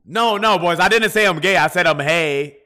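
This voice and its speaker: High, bright-voiced rowdy streamer guy. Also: moderate pace. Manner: profane, rowdy, talks straight to chat. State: tipsy from drinking. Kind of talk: casual gaming livestream chat.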